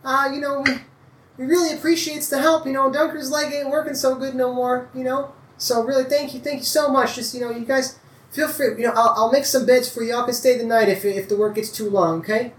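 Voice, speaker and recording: A game master puts on a kind farm wife with a high, gentle voice and rustic grammar. She is motherly and fussing, and the room is echoey. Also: steady tone, fairly quick, far from the mic, lightly acted. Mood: warm.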